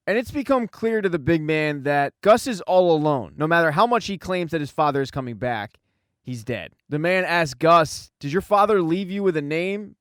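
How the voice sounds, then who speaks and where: A man narrating a scripted recap of a show, telling the story briskly and reading quoted lines plainly. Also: a little high, dry recording, studio quality. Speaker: recap channel host.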